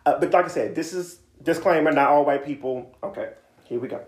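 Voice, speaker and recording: A woman's voice: low voice, a little fast, a little mellow, roomy sound. A woman co-hosting a podcast, ranting bluntly and sarcastically with plenty of swearing. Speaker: podcast co-host. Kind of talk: casual profane rant.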